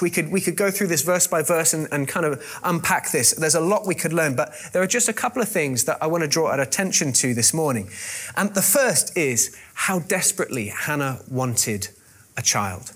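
A man's voice: a little high, expressive, a little fast, fairly bright tone, husky. Wry, joking male preacher. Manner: wry, joking asides with frequent fillers and restarts. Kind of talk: sermon retelling a scripture story.

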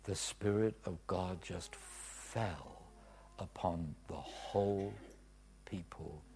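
A man preaching a testimony in a sermon, swinging from hushed whispers to loud cries. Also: sits low, takes it slowly. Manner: dramatic swings from whispers to shouts.

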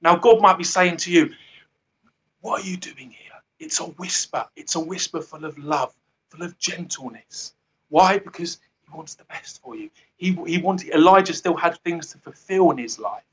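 A man's voice: on the high side, normal speed, a bit bright, muffled recording. A man giving an earnest, rambling devotional talk who often laughs at himself. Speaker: guest speaker.

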